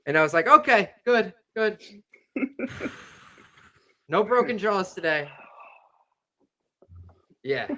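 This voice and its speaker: A man's voice: high-pitched, lively intonation, slow pace, long pauses, fairly bright tone, a little hiss or hum. A young man hosting a podcast, telling a rambling sports story in casual chat with lots of fillers. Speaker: podcast host.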